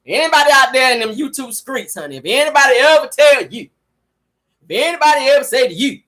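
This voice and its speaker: A woman's voice: sits high, sing-song, fast, a bit bright. A woman vlogger giving sassy, blunt gossip commentary from her car, laughing often and swearing freely. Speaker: vlogger and show host.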